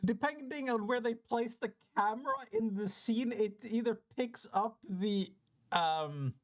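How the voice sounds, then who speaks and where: A woman's voice: fairly high pitch, unhurried. A woman streamer giving casual game commentary, joking, swearing and laughing often.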